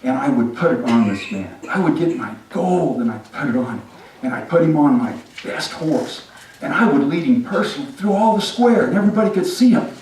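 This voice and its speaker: A man's voice: fairly high pitch, big pitch swings, brisk, few pauses, a little hiss or hum, pitched above the performer's own voice. A man voicing a self-important, boastful royal adviser who whines when thwarted. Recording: echoey sanctuary, distant mic.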